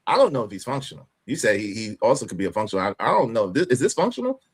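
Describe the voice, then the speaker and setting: A man hosting a live stream, reacting to a clip with loud, mocking commentary. He laughs often and repeats phrases for emphasis. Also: medium pitch, sing-song, rapid-fire, breathy edge. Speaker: livestream host.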